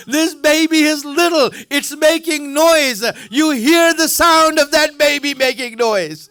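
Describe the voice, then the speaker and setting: A man delivering an emotional sermon as a story, repeating lines and at times shouting or breaking into tears. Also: very high-pitched, measured pace, few pauses. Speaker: speaker at a religious center. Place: religious center hall.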